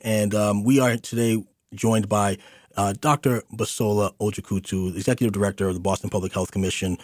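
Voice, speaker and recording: A man's voice: lowish voice, steady tone, fairly quick, a little mellow, no echo, clean studio sound. A man hosting a community radio interview show, speaking earnestly with many fillers and restarts. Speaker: radio host.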